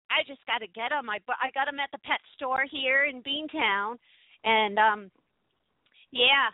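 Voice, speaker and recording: A woman's voice: sits high, dry recording. A woman playing a bubbly, scatterbrained young businesswoman who chatters on and talks over others. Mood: cheerful. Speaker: co-host. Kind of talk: comedy sketch acting. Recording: tinny phone-like dry sound.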